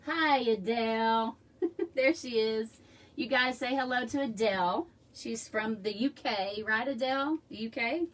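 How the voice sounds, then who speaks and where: Her voice sits fairly high and her pace is measured as she leads a relaxed craft tutorial streamed live from her home. She rambles along with friendly remarks to viewers, and a room mic picks her up from a distance with slight background noise.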